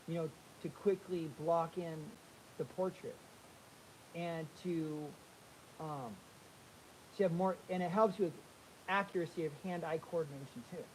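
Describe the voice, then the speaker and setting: A man's voice: on the high side, normal speed, pauses often, darkish tone, a little hiss or hum, poor audio. A man teaching figure drawing, talking through a live sketch with energy and repeating key phrases as he draws. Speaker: art instructor.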